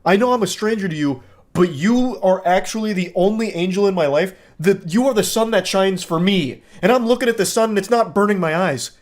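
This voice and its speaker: A man voicing an obsessed young man who pleads and then rages, in a high whiny voice. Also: a little fast, lightly acted. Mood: gushing.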